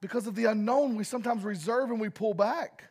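A male pastor delivering an impassioned sermon, speaking directly to his congregation, with loudness that rises and falls sharply. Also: high voice, fairly quick.

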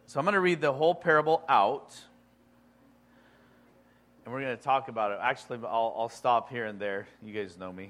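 A man preaching a sermon, reading scripture aloud in a conversational way that swings from quiet asides to loud emphasis. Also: mid-range voice, normal speed, long pauses. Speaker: pastor.

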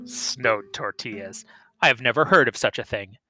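A man voicing a simple, slow-witted woodcutter who talks plainly and a little bewildered. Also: medium pitch, bright, forceful tone, faint music behind. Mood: stubborn.

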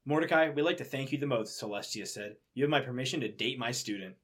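A man's voice: medium pitch, fast talker, fairly bright tone, breathy edge. A young man with a mid-range voice reads a fan story aloud for comedy. He breaks in with wry, dry remarks about what the story says. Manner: wry commentary between read passages. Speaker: co-reader. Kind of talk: comedic dramatic reading.

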